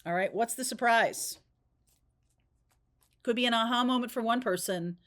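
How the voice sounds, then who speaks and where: A woman's voice: on the high side, normal speed, a bit bright. A woman giving a spontaneous tarot reading, talking in a chatty, rambling way and often checking in with "okay?" and "right?". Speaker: tarot reader.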